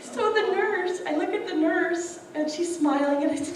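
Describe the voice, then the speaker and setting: A woman's voice: very high-pitched, normal speed, few pauses, a crowd in the background. Earnest woman storyteller in echoey hall. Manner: earnest, acts out quoted dialogue. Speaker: speaker sharing her testimony. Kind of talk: emotional personal storytelling. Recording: echoey room, distant mic.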